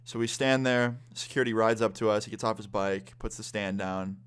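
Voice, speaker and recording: A young man telling a story in a casual vlog. He talks quickly in a low voice and swears freely. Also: fairly even intonation, a bit bright, smooth. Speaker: vlogger.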